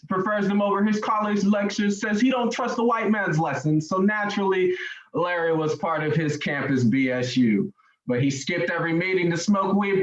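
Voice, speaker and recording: A man performing a spoken word poem at a slam over a remote video call, with a punchy, rhythmic, sardonic delivery. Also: high-pitched. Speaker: slam poet. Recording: roomy, muffled sound.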